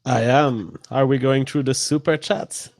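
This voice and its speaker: A man appearing as a guest on a livestream, chatting casually and explaining things in a measured way. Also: mid-range voice, steady tone, darkish tone, dry recording. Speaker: guest commentator.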